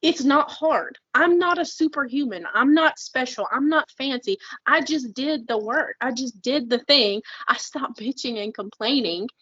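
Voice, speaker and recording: A woman co-hosting a casual podcast who talks bluntly and gets heated, swearing freely. Her voice sits a little high. The sound is dry and somewhat dull, like a lo-fi home setup. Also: a little slow, few pauses, fairly bright tone, slightly rough, no room sound. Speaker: podcast co-host.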